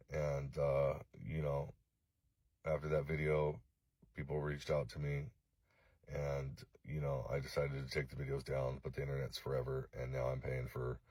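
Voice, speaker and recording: A distraught man from Los Angeles making a halting, profane, remorseful apology video, full of fillers. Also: extremely low pitch, darkish tone, slightly rough, dry recording. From East Los Angeles.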